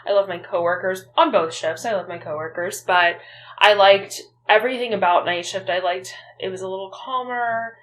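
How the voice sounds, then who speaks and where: A woman's voice: mid-range voice, normal speed, low-quality recording. Blunt young woman chatting candidly. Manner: candid, blunt, swears freely. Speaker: podcast co-host. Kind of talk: casual chat.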